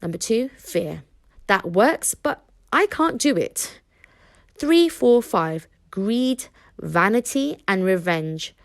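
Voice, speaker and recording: A young Viking boy speaks in a raised, exasperated voice, pleading and shouting at his disobedient dragon, as a woman reads him aloud. His tone swings widely in pitch, in a close, dry storybook reading. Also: expressive, slow, vocal fry, no echo. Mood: resigned.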